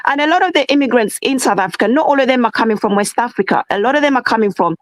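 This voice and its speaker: Fervent, lecturing woman with a high voice. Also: expressive, racing, no echo, rough recording. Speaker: guest. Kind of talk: impassioned discussion.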